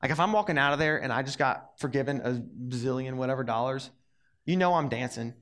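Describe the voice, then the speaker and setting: A young adult man giving a casual, animated sermon, telling the story in a lively way and acting out its characters. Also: mid-range voice, a little fast. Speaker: preacher.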